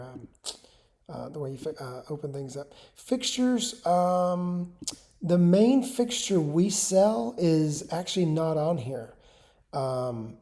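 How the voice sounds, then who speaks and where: A man's voice: on the high side, mellow. Casual man walking through a tutorial. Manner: conversational, checks in with rhetorical questions; halting, many fillers and restarts while clicking through. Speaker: home improvement salesperson. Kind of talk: casual screen-share tutorial.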